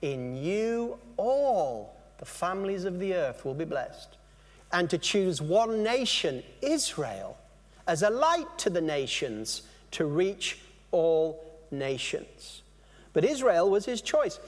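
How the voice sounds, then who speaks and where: A man preaching a sermon, animated, stopping and restarting phrases as he explains. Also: high-pitched, takes it slowly, long reverb tail. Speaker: pastor.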